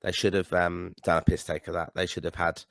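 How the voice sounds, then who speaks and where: Low-voiced Irish man giving blunt football takes. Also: flat delivery, fairly quick, vocal fry, a bit bright, dry recording. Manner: emphatic, blunt opinions. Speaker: podcast co-host. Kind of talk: casual football chat.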